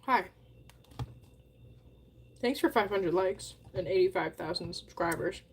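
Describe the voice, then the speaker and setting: A woman livestreamer in casual chat, often talking softly to her dog. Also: on the low side, unhurried, gravelly, a little hiss or hum.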